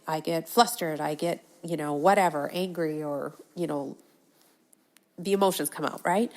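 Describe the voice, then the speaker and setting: A woman with a lowish, heavily gravelly voice full of fry hosts a solo podcast. She talks earnestly in short phrases, often checking in with the listener. When she repeats an affirmation, her voice drops to a soft, breathy near-whisper. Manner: speaks in short phrases with frequent "okay?" and "right?". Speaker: podcast host.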